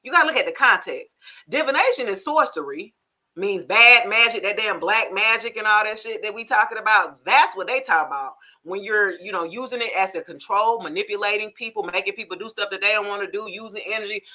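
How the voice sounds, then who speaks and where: A woman's voice: mid-range voice, a little fast, low-quality recording. A woman hosting a casual tarot live stream, telling stories frankly with cussing and checking in with her viewers often. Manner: animated storyteller, frank and cussing, asks the audience for agreement.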